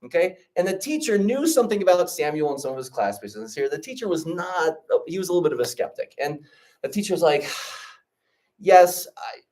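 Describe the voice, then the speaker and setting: A man giving an orientation lesson through stories, animated and conversational. He keeps checking in with his listeners as he goes. His pitch moves widely through each sentence. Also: fast, far from the mic. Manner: animated, checks in often with 'okay?' and 'right?'. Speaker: trip leader and teacher. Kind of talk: orientation talk with storytelling.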